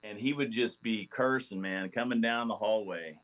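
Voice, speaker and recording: A man in his forties, a former ballplayer guesting on a podcast, telling stories in a rambling, animated way with many restarts. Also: fairly low pitch, normal speed, rough recording. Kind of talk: casual storytelling interview.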